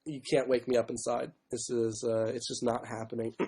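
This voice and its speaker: A man hosting a casual livestream, with a sore throat and frequent throat clearing, who mocks himself and keeps apologizing and giving up on songs. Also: medium pitch, fairly even intonation, normal speed, dark tone. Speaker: livestream host. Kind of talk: casual livestream chat with ukulele. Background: faint ukulele strumming.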